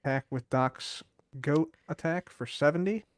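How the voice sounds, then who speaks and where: A man's voice: on the high side, a little slow, no echo. A man playing a card game with a friend, answering briefly and groaning in mock dismay at bad draws. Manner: easygoing, short replies, mock dismay. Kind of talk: casual game chat over a call.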